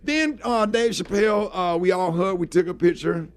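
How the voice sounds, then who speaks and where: This is a middle-aged man on a morning radio show, speaking high-pitched at a normal speed. Earnest and heartfelt, he recounts a story while filling his talk with "man" and "you know."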